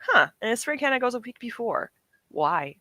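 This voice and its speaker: Young uk woman chatting on stream, bright voice, dry close mic, rambles and keeps correcting herself. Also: a little high, very animated, fairly quick, no room sound. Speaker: streamer reading chat comments. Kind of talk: casual live-stream chat.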